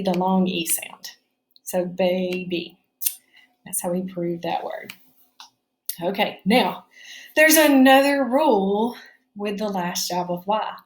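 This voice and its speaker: A patient woman teacher walks students through a phonics lesson from her kitchen at home. She speaks at an ordinary middle pitch and keeps asking whether they are following along. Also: a little mellow. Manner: patient, checks in with students often.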